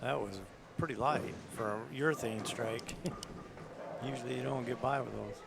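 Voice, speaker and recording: A man giving live bowling commentary, agreeable and quick to chime in. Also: medium pitch, vocal fry. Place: bowling center. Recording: noisy background.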